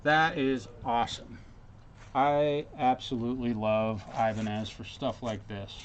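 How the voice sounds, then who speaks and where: A man's voice: medium pitch, steady tone, measured pace, a little hiss or hum. A man working as a guitar repair technician, thinking aloud and chatting casually with viewers as he works in his workshop. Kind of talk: casual workshop stream talk.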